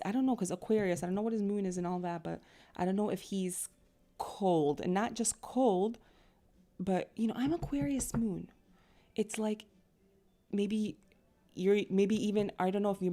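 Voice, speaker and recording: A woman's voice: medium pitch, moderate pace, warm tone. A young woman giving a casual astrology and tarot reading, chatty and rambling, full of "like" and "you know".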